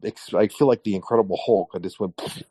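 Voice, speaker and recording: Low-voiced man telling a story, dry sound. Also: fast, breathy edge, dry recording. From Canada. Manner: animated storyteller, acts out quoted voices. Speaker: guest. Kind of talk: casual interview storytelling.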